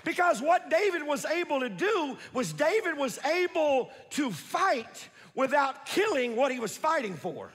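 A man preaches in a strikingly high, husky voice that swoops up and down. He tells the story with animated energy, calls out to his congregation and rises to shouting at the peaks. The sound rings with a long church-hall reverb. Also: measured pace, hardly any pauses. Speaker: pastor. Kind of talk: preaching a sermon.

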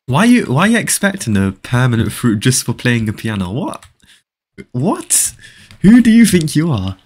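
A young man hosts a live game stream and reads his viewers' messages aloud. His talk is loose and joking, and he teases people in chat. His pitch moves around a great deal as he reacts. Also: very animated, measured pace. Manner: joking banter, teasing viewers, frequent laughs.

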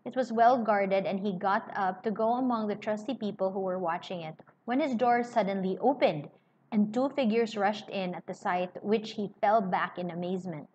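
A woman reading a novel aloud and pausing to paraphrase it in casual asides. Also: medium pitch, darkish tone. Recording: slightly muffled with faint hiss.

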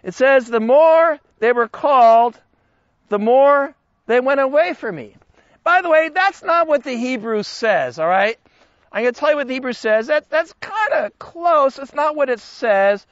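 A man teaching a Bible study as a sermon, slow and emphatic, with big swings in pitch and loudness. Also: expressive, no echo, lo-fi sound.

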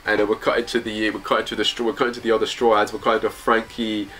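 A man's voice: lowish voice, level tone, fast talker, fairly bright tone, soft background music. A man reviewing manga chapters in casual commentary, reading panels aloud in loose, slangy phrasing.

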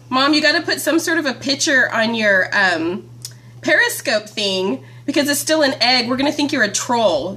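Woman host of a live homeschool stream, high and lively voice, chatty and giggly, phone mic at home. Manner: chatty and bubbly, laughs often, reads out viewer comments. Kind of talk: casual live-stream chat. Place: at home, indoors.

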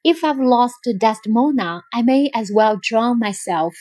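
A woman's voice: a little high, animated, a little slow, mellow, no room sound, clean studio sound. A woman voicing a lovesick, obedient young man in a storybook reading, sighing and gloomy.

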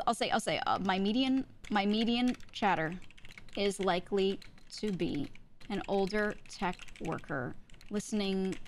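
A woman's voice: mid-range voice, a little hiss or hum. A young woman streaming from home, chatting casually to her viewers and laughing often between sentences. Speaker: VTuber streamer. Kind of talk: casual stream chat, reacting to clips.

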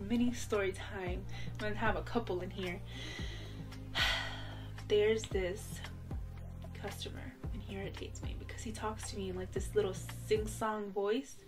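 Giggly young woman ranting casually. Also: medium pitch. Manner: laughs often, exaggerated mock retorts. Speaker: vlogger. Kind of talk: casual chatty rant to camera. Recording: soft background music.

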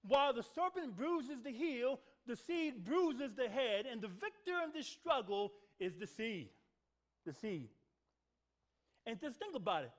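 A man's voice: very high-pitched, very animated, measured pace. A man preaching a sermon as pastor of a church, calling out to the congregation for responses and repeating words for emphasis. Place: church sanctuary.

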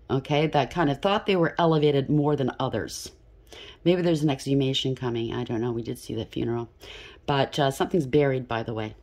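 Low husky-voiced woman reading tarot. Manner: animated, emphatic, stream-of-thought with frequent "okay?". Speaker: tarot reader. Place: home room with incense burner.

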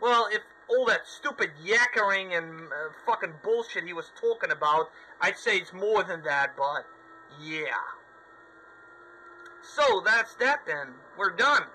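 Sweary, animated man ranting over gameplay. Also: high voice, a little slow, slight background noise, rough recording. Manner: sweary, sarcastic, ranting at the game. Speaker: gameplay commentator. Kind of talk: let's play commentary.

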